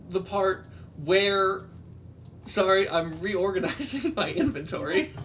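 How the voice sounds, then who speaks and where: A man's voice: high voice, a bit bright, far from the mic, a little hiss or hum. A man casually retelling a movie plot while playing a game, rambling with lots of fillers and quoted lines. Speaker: podcast co-host.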